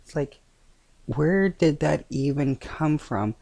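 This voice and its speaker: A man reacting to a news clip in casual commentary, scoffing and talking haltingly with many fillers and restarts. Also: on the high side, animated, vocal fry, darkish tone, no room sound.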